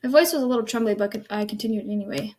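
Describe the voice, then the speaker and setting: A woman's voice: fairly high pitch, rapid-fire, a little mellow. A woman narrating a creepy first-person story aloud, tense and with small slips and restarts.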